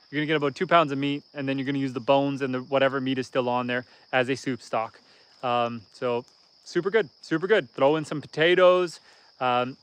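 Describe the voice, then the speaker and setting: A man's voice: medium pitch, a bit bright, clean tone. A Canadian man in his thirties, hosting a casual homesteading livestream outdoors and chatting in an easygoing, rambling way. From northern Canada. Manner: easygoing and rambling, reads viewer comments aloud.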